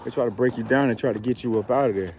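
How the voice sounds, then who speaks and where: A man's voice: mid-range voice, rapid-fire, a little mellow, a little hiss or hum, low-quality recording. Heated man ranting outdoors. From Georgia, US. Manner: heated, profane, streetwise storytelling. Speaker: vlogger. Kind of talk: casual rant to camera.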